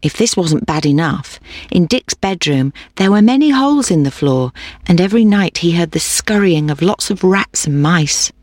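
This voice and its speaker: A woman reading a children's fairy tale aloud in a clear, steady storybook manner. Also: lowish voice, normal speed, no room sound, studio quality.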